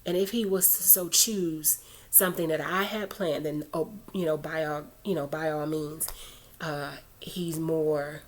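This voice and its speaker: In an unhurried, low-pitched voice with fairly even intonation, a woman tells a personal faith story straight to camera. The vlog is chatty and rambling with frequent asides, shifting to earnestness as she urges prayer.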